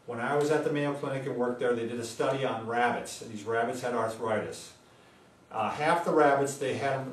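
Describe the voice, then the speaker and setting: A man's voice: medium pitch, slight background noise. A man, a physical therapist, explaining knee rehab in a casual, conversational way with filler words. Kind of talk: casual instructional talk. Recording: roomy sound, mic at a distance.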